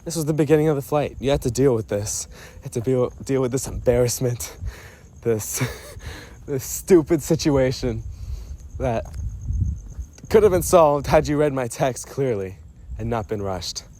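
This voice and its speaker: A man's voice: medium pitch, a little slow, mellow. Young man teasing a friend in a voice memo. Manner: teasing and profane, breaks into laughter. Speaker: friend recording a message. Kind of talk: casual storytelling voice memo. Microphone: phone voice memo.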